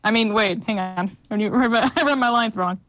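A woman chatting casually on a gaming stream, jokey and quick to laugh. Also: medium pitch, a bit bright, poor audio. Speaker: stream co-host.

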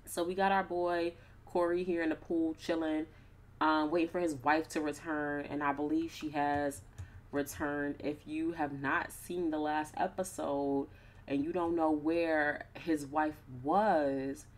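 A woman's voice: low voice, little pitch movement, a little slow. A young woman casually commenting on her life-sim gameplay with playful, slangy asides. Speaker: gaming YouTuber.

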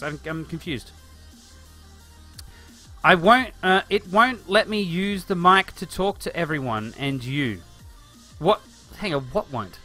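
A man's voice: a little high, very animated, normal speed, pushed and bright, faint music behind. A man chatting casually through a live stream of a city-building game, thinking aloud and answering viewers. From Australia. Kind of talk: live-stream gameplay commentary.

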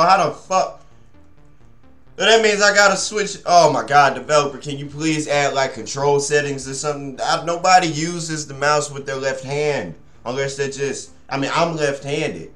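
A young gaming channel host does let's play commentary, rambling to viewers, frustrated and swearing a lot. His fairly high, slightly bright voice is expressive and measured, recorded in an echoey room over soft background music.

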